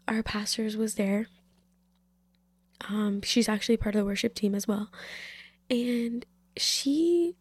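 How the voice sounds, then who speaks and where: Tearful young woman, husky and soft. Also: fairly high pitch, dry recording. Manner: emotional, soft-spoken, drifts into whispers, many fillers. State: tearful, emotional. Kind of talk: personal faith testimony, casual.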